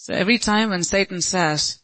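Woman preacher, fervent sermon, crying out high then going quiet, dry close sound. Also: brisk, no room sound, low-quality recording. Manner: impassioned, swinging between high pleading cries and low hushed lines; laughs between lines. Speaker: pastor.

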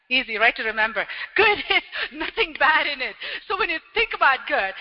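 High-voiced man preaching in a reverberant hall. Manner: animated, acts out everyday scenes with little quoted voices. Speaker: pastor. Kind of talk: sermon. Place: church hall. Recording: dull lo-fi sound with long hall reverb.

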